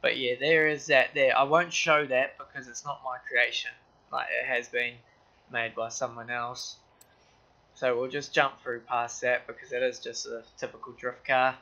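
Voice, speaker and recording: A man's voice: mid-range voice, level tone, normal speed, bright, forceful tone, dull audio. A man hosting a casual game walkthrough, rambling loosely in car-enthusiast slang. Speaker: gaming channel host.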